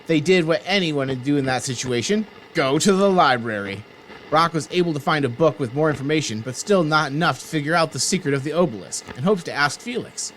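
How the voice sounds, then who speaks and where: A man's voice: fairly high pitch, animated, a little fast, fairly bright tone, slight background noise. A man playing in a tabletop game, rambling with sheepish hesitations. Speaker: player. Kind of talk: tabletop role-play and recap narration.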